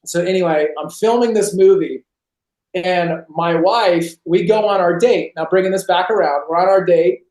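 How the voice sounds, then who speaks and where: A man, a podcast guest on a video call, telling a personal story in an animated way and acting out the voices of others. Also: sits high, normal speed. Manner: animated, acts out quoted voices. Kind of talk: storytelling testimony. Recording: roomy echo on a video call.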